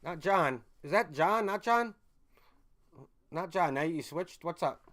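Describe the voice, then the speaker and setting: A man's voice: a little high, lively intonation, unhurried, a bit bright. A man hosting a casual livestream, rambling to his chat viewers, swearing freely and often correcting himself mid-sentence. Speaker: livestream host chatting with viewers.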